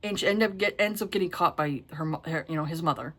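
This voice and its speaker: A woman's voice: sits low, fast, a bit bright. A middle-aged woman reviewing books in casual chat, blunt and exasperated, with a habit of swearing. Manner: frank, exasperated and profane. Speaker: book reviewer.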